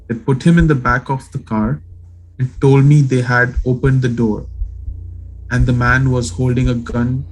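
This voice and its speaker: A man co-hosting a casual podcast who reads a horror story aloud in a slow, hushed creepy voice. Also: medium pitch, poor audio. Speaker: podcast co-host.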